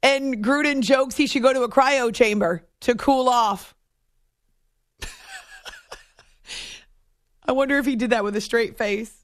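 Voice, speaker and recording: A woman's voice: fairly high pitch, unhurried, long pauses, no echo, studio quality. A woman hosting a sports radio show, talking in a wry, chatty way and laughing often. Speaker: radio host. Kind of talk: sports radio talk and chat.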